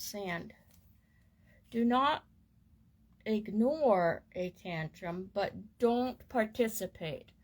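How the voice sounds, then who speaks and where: A woman reads a parenting course text aloud, unhurried and deliberate. Her tone is gentle and soothing, with a voice of middling pitch. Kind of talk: reading aloud from a book.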